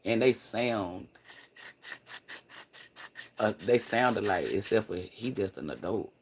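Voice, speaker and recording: A man chatting casually on a livestream, rambling and profane, swinging between loud excited bursts and low mutters. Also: slow pace, breathy edge. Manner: profane, slangy, laughs often. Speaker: livestream host.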